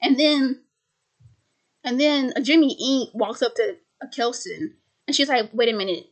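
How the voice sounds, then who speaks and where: A woman's voice: high voice, a little slow. A woman casually retelling a film plot, stuttering and repeating words with many fillers. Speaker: video host retelling a film.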